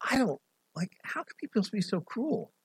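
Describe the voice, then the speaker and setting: Animated preacher man, dry sound. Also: sits high, normal speed, breathy edge, no echo. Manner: animated, swings from loud to quiet. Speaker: pastor. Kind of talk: sermon.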